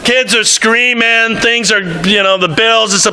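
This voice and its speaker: A man delivers a church sermon with a fairly high voice and a very bright, sharp edge to his tone. He reads scripture aloud and breaks into animated acted-out quotes as he preaches. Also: measured pace, few pauses, some chatter behind. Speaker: pastor.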